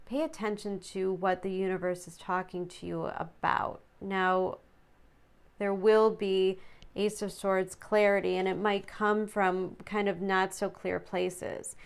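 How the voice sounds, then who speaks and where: A woman's voice: medium pitch, level tone, unhurried, creaky, clean tone. A woman giving a casual tarot reading to her viewers, chatty and upbeat, sometimes stumbling over words. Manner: chatty, reads card texts aloud, some stumbles. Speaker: tarot reader.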